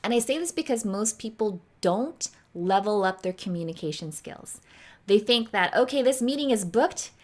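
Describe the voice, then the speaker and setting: A woman guest speaking about brand partnerships in a casual livestream interview over a video call. She talks in an animated, emphatic way. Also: medium pitch, moderate pace. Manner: animated and emphatic, acts out quotes.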